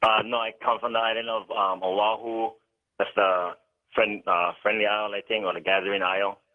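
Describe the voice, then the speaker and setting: A man's voice: fairly low pitch, flat delivery, a little fast. A man from Hawaii, calling in and chatting in an easygoing way. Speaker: caller. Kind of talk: phone-in chat. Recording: tinny phone line.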